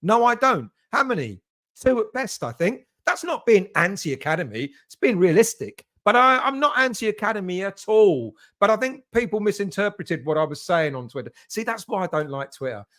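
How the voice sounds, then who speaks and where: A man from England chats his way through a relaxed live stream, greeting viewers by name as he reads the chat. His voice sits high for a man. He rambles from point to point and keeps it loose and conversational. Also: normal speed. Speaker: fan channel host reading live chat.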